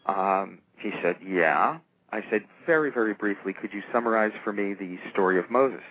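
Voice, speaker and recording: A man's voice: fairly low pitch, normal speed. Older man telling stories over a tinny line. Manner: animated storyteller acting out quoted voices. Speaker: interview guest, comic book producer. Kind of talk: storytelling in a casual interview. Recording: tinny phone-line sound with faint noise.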